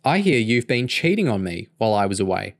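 A man's voice: on the low side, sing-song, fairly quick, no echo, clean studio sound. A man voicing a sporty, teasing teenage girl while reading a novel aloud. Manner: teasing, a touch sharp.

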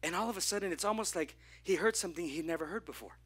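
A pastor with a high-pitched, husky voice preaches a lively sermon at a church service at a rapid-fire pace. He acts out the people in his story and puts questions to the congregation.

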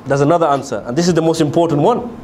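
High-voiced man giving a religious lecture. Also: very fast, darkish tone, a little hiss or hum. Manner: explains and questions the audience, many fillers and restarts. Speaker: lecturer on a pilgrimage programme. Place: lecture room in a city of pilgrimage.

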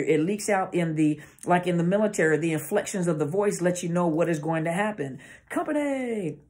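A woman's voice: lowish voice, a little mellow. A woman therapist giving an informal educational talk to camera, conversational and often searching for words with restarts. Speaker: therapist speaking on narcissistic abuse. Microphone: camera mic.

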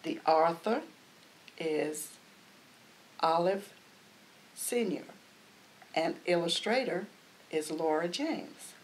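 A woman hosting a library storytime, reading a picture book aloud in a gentle, measured way. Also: on the low side, expressive, a little hiss or hum, rough recording.

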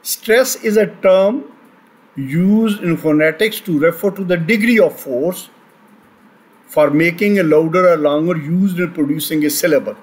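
A man giving a recorded linguistics lecture, pausing often with fillers and restarts. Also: on the high side, slightly rough, poor audio. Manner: halting, many fillers and restarts. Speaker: teacher.

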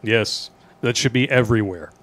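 A man's voice: mid-range voice, moderate pace, fairly bright tone. A man co-hosting a podcast, reading out news stories with mocking jokes and frequent laughter. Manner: joking, laughing at his own jokes, mocking. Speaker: podcast co-host. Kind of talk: casual comedic news commentary.

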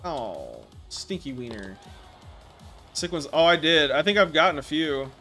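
A man speedrunning a golf game, commenting out loud with frequent swearing and frustrated outbursts. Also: a little high, big pitch swings, measured pace, soft background music. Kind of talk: profane live gameplay commentary.

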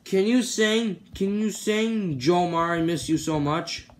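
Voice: mid-range voice, unhurried. A person casually asking silly questions in home puppet play, often stammering and restarting.

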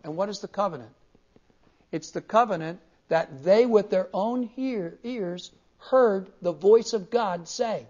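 A man's voice: high voice, a little mellow. A male pastor teaching a class, emphatic and repeating key words to drive each point home. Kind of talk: classroom theology lecture. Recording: dull lo-fi cassette tape.

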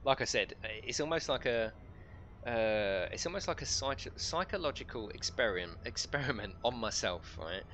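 A man's voice: mid-range voice, expressive, normal speed, a bit bright. A middle-aged man casually commentating a live game stream, chatting and joking with his viewers. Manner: jokey, chatty, reads out chat and laughs often.

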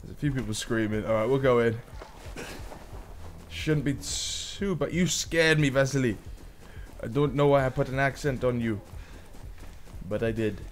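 A man's voice: medium pitch, slight background noise. Chatty man commenting on gameplay. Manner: chatty, easily surprised, quick exclamations and laughs. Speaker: gaming YouTuber.

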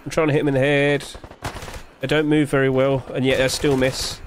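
A man's voice: mid-range voice, flat delivery, brisk, a little hiss or hum. Puzzled man narrating his gameplay. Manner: thinking aloud, puzzled and joking, many fillers. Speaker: streamer playing a game. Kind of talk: gameplay commentary.

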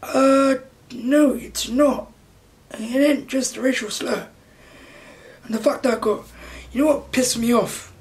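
A man's voice: very high-pitched, fairly even intonation, unhurried, pauses often. A man delivering an indignant, heated commentary rant to camera, swearing often and repeating phrases for emphasis. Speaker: YouTube commentator.

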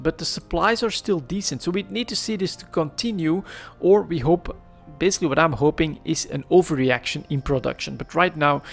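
A man's voice: fairly high pitch, gravelly. A man hosting a casual commentary on a game's market, thinking aloud with many fillers and restarts into a desk microphone. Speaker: gaming market analyst host.

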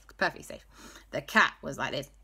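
A woman spins an improvised children's story with playful asides. Her bright voice swings widely in pitch and sinks to hushed tones for spooky moments. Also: expressive, fairly quick, gravelly, slightly rough. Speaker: storyteller host.

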